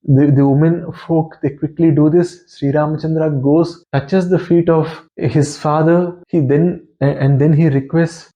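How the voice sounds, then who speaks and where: A man's voice: a little high, fairly even intonation, normal speed, few pauses, mellow. Earnest man retelling an epic. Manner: earnest and explanatory, often addresses the listener. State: voice wearing thin. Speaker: devotional scripture reader. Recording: dull lo-fi recording.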